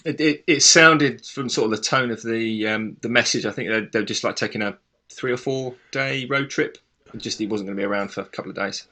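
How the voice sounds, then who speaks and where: Bright-voiced rambling podcast man. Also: medium pitch, a little fast. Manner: rambling, chatty. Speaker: podcast co-host. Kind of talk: casual podcast chat.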